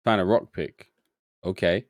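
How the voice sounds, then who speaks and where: Low, dry-voiced man streaming a game. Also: fairly even intonation, unhurried, no room sound. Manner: muttering to himself, easily confused, chatty with chat. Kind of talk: live gameplay commentary.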